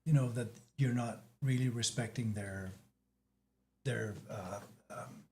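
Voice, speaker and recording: A man from Denmark with a Danish accent, talking as a guest in a casual chat, halting with many restarts and fillers. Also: medium pitch, darkish tone.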